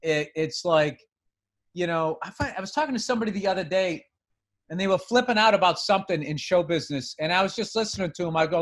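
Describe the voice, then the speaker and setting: Man from the US East Coast, podcast co-host, blunt and profane, high voice. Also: fast talker, fairly bright tone. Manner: blunt, profane, self-mocking. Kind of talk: casual storytelling chat.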